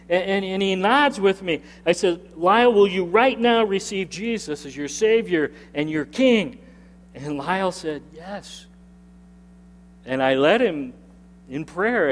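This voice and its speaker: Earnest pastor telling a story in a reverberant hall. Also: male voice, a little hiss or hum. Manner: earnest, emphatic storytelling that rises in pitch at key points. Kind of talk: sermon storytelling. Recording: long reverb of a large hall.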